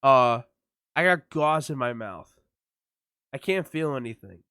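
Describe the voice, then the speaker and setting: This mid-range, slightly slow voice is clean in tone, with no room sound and clean studio quality. A man co-hosting a podcast tells an animated, profanity-heavy story with acted-out voices in casual chat, his mouth numb after dental work.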